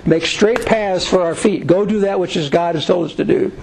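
Man, Bible teacher, gravelly voice, slightly high pitch, faint background hiss. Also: moderate pace, darkish tone, low-quality recording. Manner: reads scripture aloud then paraphrases it conversationally. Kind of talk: informal Bible study teaching.

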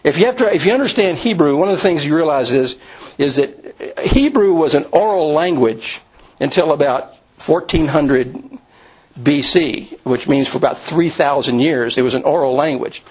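A man's voice: on the high side, expressive, moderate pace, a little mellow, slightly rough. A man teaching a Bible study class, explaining in a rambling way with many restarts and asides. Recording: dull lo-fi recording.

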